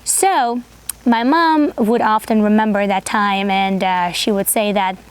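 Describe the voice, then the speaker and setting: A woman of thirty hosting a sewing channel, with a high, unusual voice that some call squeaky, chatting earnestly with lots of fillers and restarts. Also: steady tone, measured pace, clear, resonant tone. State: voice getting tired and groggy. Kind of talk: casual chat to camera.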